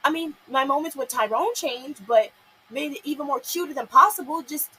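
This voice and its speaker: A woman's voice: sits high, normal speed, pushed and bright, rough recording. A young woman giving a solo vlog review of a cartoon episode, exasperated and often apologizing, repeating her points.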